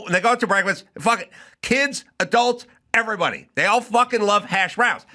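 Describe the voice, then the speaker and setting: A man's voice: sits high, expressive, a little fast, bright, forceful tone. A man hosting a talk show, ranting with profanity and exasperation in a comedic way. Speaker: podcast host. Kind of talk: comedic rant.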